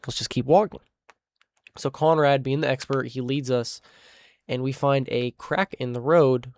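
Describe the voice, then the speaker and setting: A young man casually telling a story, animated and slangy, making sound effects and tripping over words. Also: medium pitch, measured pace, no room sound.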